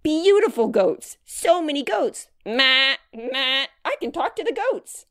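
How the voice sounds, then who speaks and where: A woman voicing an excitable little girl who talks in high, loud exclamations for a children's storybook. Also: measured pace, no echo, studio quality, full character voice. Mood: excited. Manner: squealing, exclamatory.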